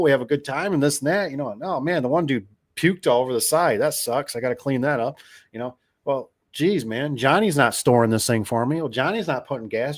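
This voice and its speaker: A middle-aged man telling stories in a casual, rambling monologue, repeating himself and getting fired up. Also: mid-range voice. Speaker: podcast host.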